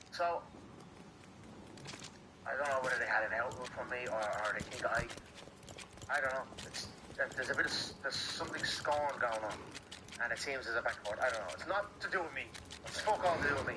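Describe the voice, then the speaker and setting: A man, a professional fighter, being interviewed. He talks bluntly, swears freely and repeats words when he gets heated. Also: on the high side. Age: adult with young children. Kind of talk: candid interview talk. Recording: interview clip with steady background noise.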